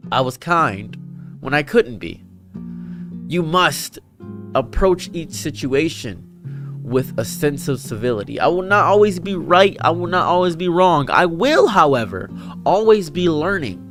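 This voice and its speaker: A man with a fairly high voice delivers a heartfelt, dramatic monologue, telling personal stories to make his point. His pitch swings widely from line to line. A faint guitar plays underneath. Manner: earnest, preachy and dramatic. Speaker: streamer and commentary creator. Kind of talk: reflective storytelling monologue. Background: faint guitar music.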